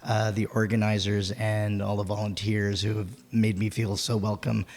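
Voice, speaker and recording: A hoarse poet with a gravelly voice, pausing often between poems and reading them with more force at a festival event. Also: male voice, lowish voice, level tone. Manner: halting and filler-heavy between poems, fuller and more forceful when reading. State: hoarse from a lost voice. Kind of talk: spoken word poetry reading at a festival. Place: winery event venue, live reading.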